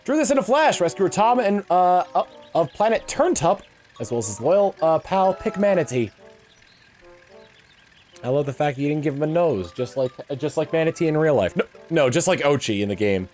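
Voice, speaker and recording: A young man chats casually through a game livestream, rambling and restarting his sentences. His voice sits a little high and moves around a lot in pitch. Faint music plays behind him. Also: animated, normal speed, a little mellow. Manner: rambling, many fillers and restarts. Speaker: game streamer.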